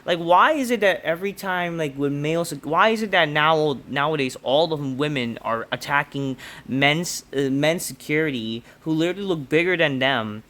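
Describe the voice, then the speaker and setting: A young man rants through a wrestling show review in a casual, exasperated way. His voice is bright and forceful, and he swears often and pads his sentences with fillers. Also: fairly high pitch, moderate pace, hardly any pauses. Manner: profane, exasperated, heavy with fillers.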